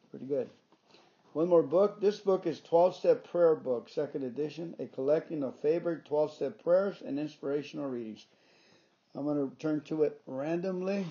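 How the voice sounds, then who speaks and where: A man leading prayer, reading devotional texts and scripture aloud in a slow, deliberate way with emphatic rises. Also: a little high, warm tone, muffled recording. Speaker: prayer leader.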